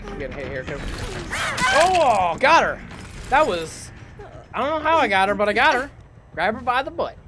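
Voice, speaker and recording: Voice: medium pitch, very animated, normal speed, long pauses, over music. A streamer giving casual live gaming commentary, chatty, self-mocking and swearing freely.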